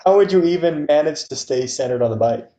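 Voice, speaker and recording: A man co-hosts a podcast in a relaxed chat and laughs easily. His voice is mellow and dark at a middle pitch. The sound is dull and a bit lo-fi, with a roomy echo behind it. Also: moderate pace. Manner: easygoing, laughs often. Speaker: podcast co-host. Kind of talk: casual chat.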